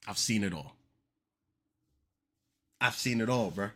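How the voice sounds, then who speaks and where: A young man hosting a casual commentary podcast, animated and joking with exaggerated reactions. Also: on the low side, moderate pace, pauses often. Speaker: podcast host.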